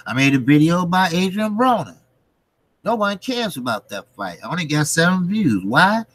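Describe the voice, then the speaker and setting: A man's voice: on the high side, sing-song, moderate pace, fairly bright tone, no echo. A man hosting a boxing channel, ranting bluntly and casually, swearing and repeating rhetorical questions. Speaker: boxing commentary channel host.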